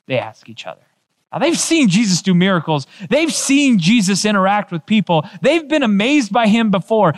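A male pastor preaching a sermon, telling a story with emphatic, animated delivery. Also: sits high.

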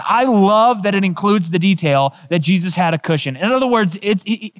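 A male pastor preaching a sermon, telling a story with emphatic, animated delivery. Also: sits high.

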